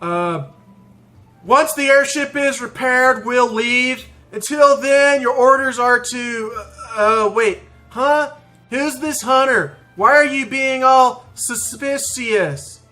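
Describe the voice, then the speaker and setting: A man voicing a brusque, halting military officer giving orders. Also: very high-pitched, bright, forceful tone, soft background music, voice pushed up, heavily acted. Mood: bossy.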